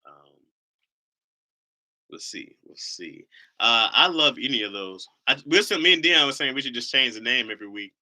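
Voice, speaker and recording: A man's voice: mid-range voice, expressive, moderate pace, sharp tone. A man from Ohio hosting a live stream, rambling in casual chat, joking and swearing freely.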